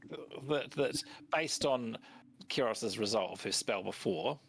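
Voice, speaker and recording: A man's voice: fairly low pitch, unhurried, vocal fry, fairly bright tone, slightly rough. A man playing in a tabletop game, asking questions and thinking aloud in a hesitant, casual way. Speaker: player.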